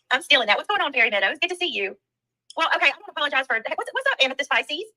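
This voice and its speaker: A Southern woman hosts a livestream, talking fast and greeting viewers one after another. Her voice is bright and sharp, pitched a little high, with quick casual chatter. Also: lively intonation, poor audio. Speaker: livestream host. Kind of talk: casual livestream chat reading comments.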